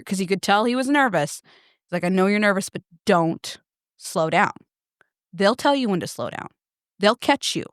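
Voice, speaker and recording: A woman co-hosting a podcast, telling a story in a lively way and laughing often. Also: medium pitch, dry recording, clean studio sound. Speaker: podcast co-host. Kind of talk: casual chat.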